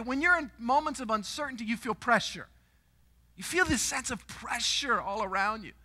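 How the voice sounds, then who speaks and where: A middle-aged man preaching a sermon in a church, telling stories with animated energy and sudden shouts. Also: very high voice. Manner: storytelling, animated, shouts and screams for effect. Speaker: guest preacher. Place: church auditorium.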